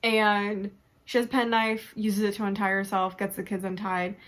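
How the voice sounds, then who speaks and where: Speaking at normal speed with medium pitch, a young adult woman chats casually about a book she's reviewing. She laughs a lot, stays animated and talkative, and plays out her own reactions.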